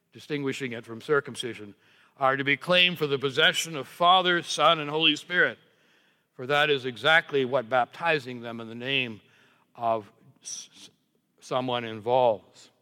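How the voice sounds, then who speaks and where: A man preaching a sermon to his congregation, earnest and emphatic, slowing down on key words. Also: fairly high pitch, pushed and bright, clear, resonant tone. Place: church sanctuary. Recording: reverberant church hall.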